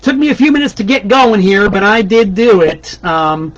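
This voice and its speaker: A man's voice: high-pitched, moderate pace, fairly bright tone. A man guest-hosting a band's live stream from his home desk, talking in a playful, mock-grandiose, rambling way. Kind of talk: casual comic monologue. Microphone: webcam on his desk. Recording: dull lo-fi webcam stream.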